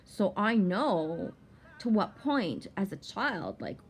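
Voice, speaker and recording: A woman's voice: medium pitch, a little hiss or hum. A woman telling a rambling personal story in a casual vlog, swearing freely and talking animatedly.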